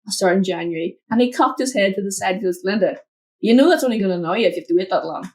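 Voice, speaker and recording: A woman mentor, a guest in an interview, telling a personal story from her home office over a video call, acting out the voices in it. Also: rapid-fire. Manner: animated, acts out quotes with big pitch jumps.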